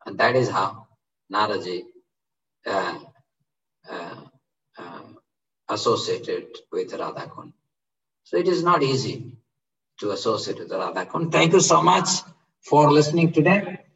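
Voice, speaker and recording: A man tells a devotional story at an unhurried pace, pausing often on fillers. His low voice has a gravelly grain. The sound is distant and muffled, as if taken from across a room. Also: sing-song, a bit bright. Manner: slow, hesitant, many fillers. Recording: distant dull lo-fi.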